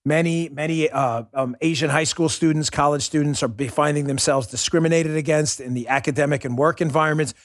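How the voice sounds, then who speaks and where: A man's voice: a little high, steady tone, fairly quick, hardly any pauses, dry recording, studio quality. A man hosting a political commentary show, ranting in a heated, sarcastic way. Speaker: podcast host.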